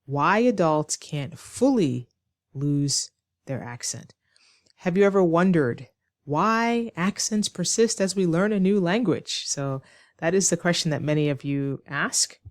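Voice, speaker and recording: A woman teaching an online English lesson, explaining slowly and clearly with rhetorical questions to her students. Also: low voice, expressive, no echo, studio quality. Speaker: ESL teacher.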